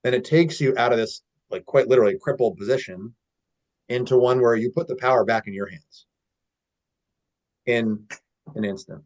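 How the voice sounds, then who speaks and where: A man's voice: medium pitch, normal speed, pauses often. A male coach talking through ideas in a loose, easygoing way, with plenty of "like" and "you know" as he tells stories. His voice sits in an ordinary middle range for a man. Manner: relaxed storytelling with many fillers. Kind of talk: casual teaching talk.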